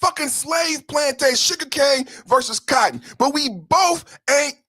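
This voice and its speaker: A man's voice: very high voice, expressive, a little slow, sharp tone, no echo, studio quality. A man hosting a solo podcast, ranting in a heated, emphatic way with frequent profanity. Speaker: podcast host.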